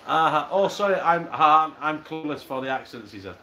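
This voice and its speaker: A man's voice: on the high side, expressive, normal speed, bright, forceful tone, faint music behind. A man with an Oldham accent hosting a casual livestream, swearing and cracking jokes. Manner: sweary, joking, chatty. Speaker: livestream host. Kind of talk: casual banter. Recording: roomy echo with background noise.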